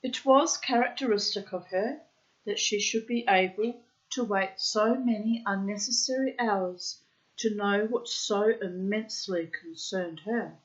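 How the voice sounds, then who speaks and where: A tired woman reads a classic short story aloud at a slow, careful pace. Her voice sits at a middling pitch. The recording is slightly dull and muffled. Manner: unhurried, careful reading with asides. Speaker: audiobook reader.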